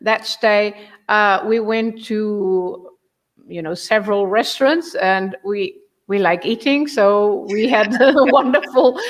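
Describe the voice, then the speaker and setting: A woman from Portugal with a Portuguese accent, a guest teacher explaining culture with many pauses and fillers. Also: mid-range voice. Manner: halting, many fillers, warm laughs. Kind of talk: explaining culture on a live show.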